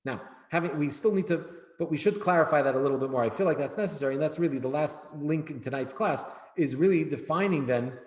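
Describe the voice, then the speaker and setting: A man's voice: fairly high pitch, fast, few pauses. A man teaching an evening class in a conversational way, often checking in with "right?". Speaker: Jewish studies teacher. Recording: echoey hall.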